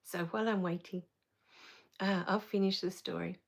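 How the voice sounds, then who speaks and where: A woman hosting a spiritual live Q&A, reading viewer comments, soft-spoken and tender, quick to laugh and tear up. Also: fairly low pitch, fairly even intonation, gravelly. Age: adult with a child. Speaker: spiritual live-stream host.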